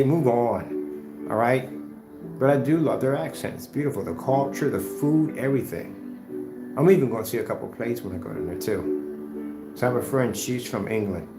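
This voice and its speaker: A man's voice: mid-range voice, echoey room. A man talking off the cuff in a vlog, combative and repetitive, trash-talking his rivals before drifting into loose chat. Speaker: screen paint maker and vlogger.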